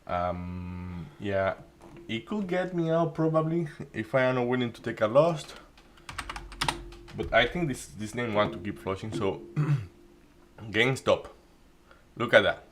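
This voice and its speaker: Halting man thinking aloud over trades. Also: on the low side, lively intonation, a bit bright, a little hiss or hum. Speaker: day trading streamer. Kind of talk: live trading commentary.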